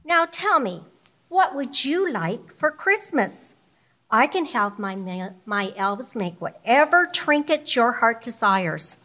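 A woman voicing a jolly old male Santa Claus, speaking in a slow, cheerful and inviting way. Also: fairly high pitch, sing-song, pushed and bright, exaggerated voice. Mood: jolly, coaxing.

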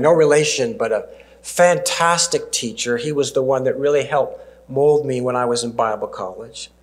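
A man, preaching a sermon and telling stories earnestly, slowing down and dropping to a near-whisper for emphasis. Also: medium pitch. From Canada.

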